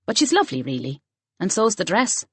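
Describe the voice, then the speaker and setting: A woman's voice: medium pitch, very animated, a little fast, a bit bright, slightly rough, no room sound. A woman reading the part of a young village woman in an audiobook.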